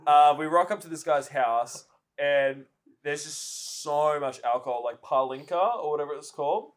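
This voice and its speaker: A young man co-hosting a podcast, telling a story in a lively, foul-mouthed way and acting out the people in it. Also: fairly high pitch, moderate pace. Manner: animated, heavy swearing, acts out quotes. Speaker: podcast co-host. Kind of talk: casual storytelling chat.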